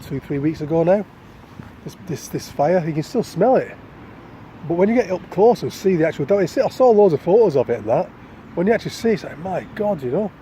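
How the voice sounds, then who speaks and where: A man's voice: fairly high pitch, mellow, slight background noise. A man with a London accent, talking casually and rambling outdoors in a city, repeating words and swearing now and then. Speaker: vlogger. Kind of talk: casual opinion monologue.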